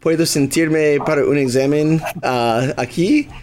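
A man's voice: fairly high pitch, unhurried, a little hiss or hum. A young man, a podcast co-host, telling a story in casual chat and acting out the people in it. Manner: animated storyteller, acts out quoted voices.

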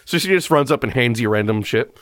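A man's voice: mid-range voice, brisk, no echo, studio quality. A man co-hosting a podcast, chatting casually and telling stories with lots of laughter. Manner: animated, laughing storyteller. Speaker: podcast co-host. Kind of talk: casual chat.

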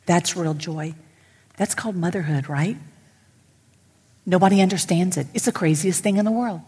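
Middle-aged woman pastor, husky and a bit low, preaching with emphatic swings into whispers; long church reverb. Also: normal speed, a little mellow. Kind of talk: sermon to women. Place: church sanctuary.

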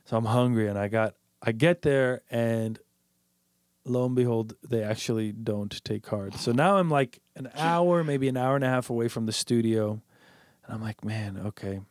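A man's voice: medium pitch, normal speed, no echo, studio quality. A man telling a long story in casual chat, full of "like" and "I was like.". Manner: rambling, lots of "like" and "I was like".

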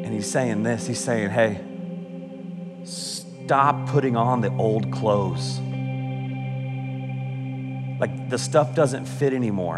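A man preaching a sermon as pastor, animated, breaking into playful mock exasperation and sudden exclamations. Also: mid-range voice, big-room sound.

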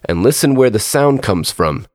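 A man's voice: lowish voice, big pitch swings, normal speed, no echo, clean studio sound. A man voicing a tiny, bold and playful boy in a storybook reading, with a chirpy, cheeky voice. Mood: bawling.

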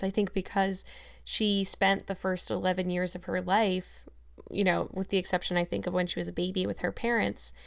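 A woman's voice: mid-range voice, vocal fry. A woman narrating a classic novel and then sharing thoughtful, appreciative comments on the chapter. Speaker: audiobook reader and podcast host. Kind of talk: storybook narration and reflective commentary.

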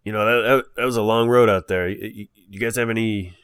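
Half-orc bandit, eager and stammering, played by a man in a low, dry voice. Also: fairly even intonation, quick pace, a bit bright, clean tone, no echo, natural voice. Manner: stammering, repeats words.

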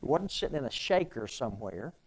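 A pastor preaching a sermon in a conversational way, with repeated phrases and strings of rhetorical questions. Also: male voice, mid-range voice, sing-song, brisk, husky, poor audio.

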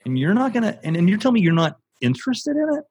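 A man who runs an audiobook production company, speaking as a guest in a casual interview, animated and emphatic and swearing for emphasis. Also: high voice, fast talker, slightly rough, dry recording.

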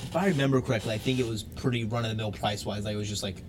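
A man's voice: on the low side, fairly even intonation, rapid-fire, noisy background. Laid-back joking man, podcast co-host. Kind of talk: casual chat.

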